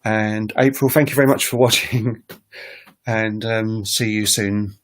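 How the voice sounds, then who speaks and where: A man with a fairly low voice talks unscripted on a livestream about learning languages. He pauses often with filler sounds and voices example words aloud to show how they rise and fall. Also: steady tone. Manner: demonstrates tones by voicing example words. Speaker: language-learning channel host. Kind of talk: casual livestream explanation.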